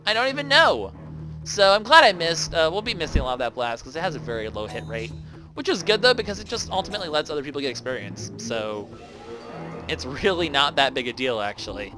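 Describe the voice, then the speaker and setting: A man's voice: medium pitch, big pitch swings, quick pace. A young man rambling casually as he comments on a video game he plays. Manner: rambling, chatty, often trails off. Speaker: let's play commentator. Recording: faint game music behind the voice.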